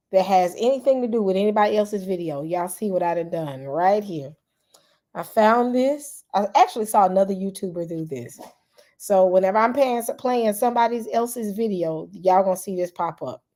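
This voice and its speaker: A woman, chatting casually with her livestream viewers and greeting them by name. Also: medium pitch. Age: 40s. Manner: chatty and animated, calls out to viewers, frequent "y'all". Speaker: YouTube channel host.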